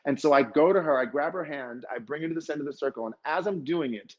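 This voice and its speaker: A man's voice: a little high, quick pace, dull audio. A man, a fitness dance instructor, telling an emotional story at a conference and acting out the dialogue.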